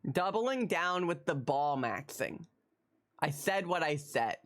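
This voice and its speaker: Woman streamer, young, low voice, slow, dry and self-mocking, repeats lines. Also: sing-song. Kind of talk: casual live-stream chat.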